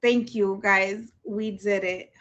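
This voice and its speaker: A woman's voice: mid-range voice, steady tone, slow, fairly bright tone. A woman hosting a casual livestream talk show, effusive and emotional, calling out to her viewers and gushing over her guest.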